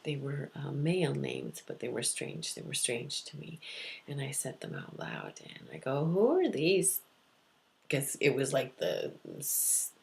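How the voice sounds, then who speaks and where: A woman telling a personal story softly and often near a whisper, repeating her phrases. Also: a bass voice, very animated, measured pace, vocal fry. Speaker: psychic medium.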